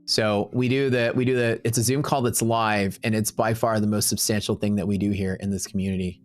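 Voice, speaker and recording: A man hosts a live day-trading stream, talking loosely and rambling with the occasional casual curse. His voice is lowish and brisk with fairly even intonation, and faint music plays behind him.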